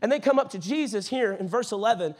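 A male pastor preaching in a church with a bright, high-pitched voice. He is animated and funny, dropping into playful voices for scripture characters before driving his points home with rising intensity. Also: fast. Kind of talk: sermon. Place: church auditorium.

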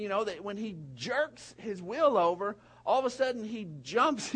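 A middle-aged man delivers a sermon from the pulpit. His voice sits fairly high for a man. He tells a story, laughing often, then presses his point home with emphasis. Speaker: pastor.

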